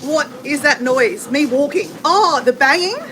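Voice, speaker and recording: A woman's voice: sits high, animated, measured pace, fairly bright tone. A middle-aged Australian woman hosting a casual livestream while walking on a treadmill, chatting with viewers and answering their comments. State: walking on a treadmill, slightly effortful. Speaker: livestream host. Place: home with renovation banging. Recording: noisy background with banging.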